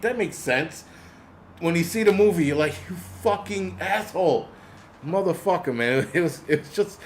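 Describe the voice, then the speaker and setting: A man's voice: fairly high pitch, slight background noise. A man hosting his own channel, ranting casually with heavy swearing and frequent laughter. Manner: profane, animated, laughs often. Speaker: channel host. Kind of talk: casual unscripted rant.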